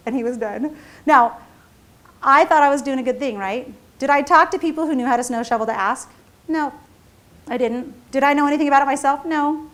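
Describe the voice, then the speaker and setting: A woman's voice: high voice, fairly quick. A middle-aged woman, an entrepreneur, telling a chatty, self-mocking story at a seminar, laughing often and tossing in "right?". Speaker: entrepreneur and CEO giving a seminar talk. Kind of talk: storytelling keynote talk.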